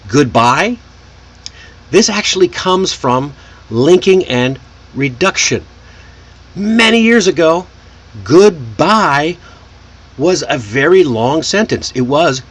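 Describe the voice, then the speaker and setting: American guy coaching english accent, slow and husky, pitch jumps around a lot. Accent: General American. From United States. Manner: slow, demonstrative, repeats words for practice. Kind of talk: pronunciation lesson.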